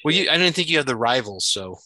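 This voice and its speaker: A man's voice: medium pitch, big pitch swings, fast talker, pushed and bright, dry recording. A man hosting a casual podcast chat with friends, joking and laughing often. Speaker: podcast host.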